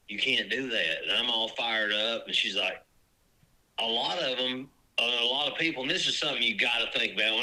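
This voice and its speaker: Fishing guide, bright edgy voice, animated storyteller for a casual podcast chat. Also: male voice, lowish voice, low-quality recording. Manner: animated storyteller, acts out lake encounters.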